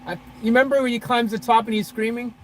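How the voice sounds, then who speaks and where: A fast-talking woman with a voice on the high side and fairly even intonation live-streams from her parked car; the audio is poor, with a little hiss or hum. Reading the chat, she talks loosely with viewers by name, laughs often, rambles, and says "freaking" constantly.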